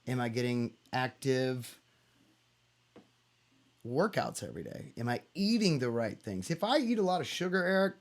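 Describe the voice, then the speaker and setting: A man's voice: medium pitch, very animated, moderate pace. A middle-aged man hosting a casual livestream from his home, answering viewers' questions openly, with many fillers and restarts. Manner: open, rambling, candid, with many fillers and restarts.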